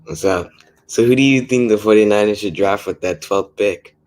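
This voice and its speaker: Male caller, deep voice, brief plain answers, phoning in with audio only. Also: moderate pace, darkish tone. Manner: short, plain replies. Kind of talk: call-in question. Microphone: audio-only call.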